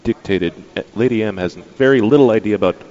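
A man's voice: fairly low pitch, fast talker, darkish tone, long reverb tail, muffled recording. A man co-hosting a radio show, dry and teasing. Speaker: radio co-host. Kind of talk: casual radio banter.

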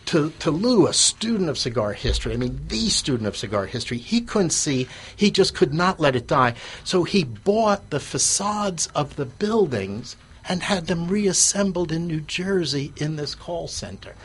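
A man guest telling a casual business story, stammering and repeating words as he gets animated. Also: fairly high pitch, moderate pace, slightly rough.

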